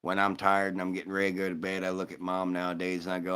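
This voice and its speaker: A man's voice: sits low, completely flat delivery, racing, few pauses, a bit bright, clean tone. A man hosting a casual live stream, telling crude jokes and greeting people in the chat.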